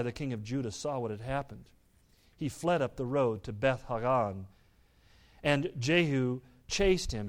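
A man preaching a sermon, reading scripture aloud and explaining it, turning dramatic and loud on the quoted speech. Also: mid-range voice.

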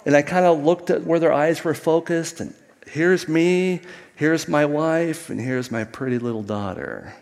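A man's voice: fairly high pitch, unhurried, gravelly, a little mellow, in a large hall. A middle-aged man preaching a sermon, telling a family story in a conversational way with asides to the congregation. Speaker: pastor.

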